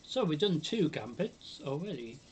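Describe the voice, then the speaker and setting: A man's voice: a little high, sing-song, moderate pace, a little mellow, slight background noise. A British man commentating his own game on a live stream, musing aloud with many hums and ums.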